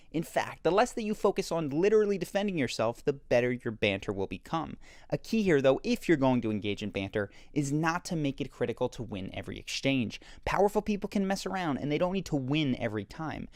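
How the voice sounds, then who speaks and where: A man's voice: mid-range voice, no room sound. Man narrating a video essay, dry close sound. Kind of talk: scripted narration analyzing show clips.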